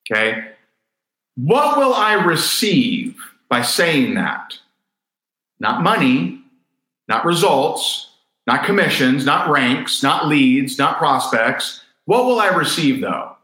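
A man delivers a motivational talk with a bright, forceful voice, hammering his points through repetition and rhetorical questions. The sound is roomy, with a clear echo around him. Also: fairly high pitch, sing-song, takes it slowly. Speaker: motivational speaker.

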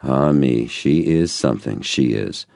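A man's voice: a bass voice, unhurried, vocal fry, a little mellow, no room sound, studio quality, full character voice. A man doing a jovial older husband. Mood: fond. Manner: chuckling, fond.

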